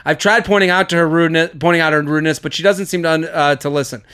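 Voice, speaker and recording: A young man hosting a podcast, reading listener emails aloud and giving advice in an animated, joking way with frequent laughter. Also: on the high side, very fast, clear, resonant tone. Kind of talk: casual comedic podcast chat.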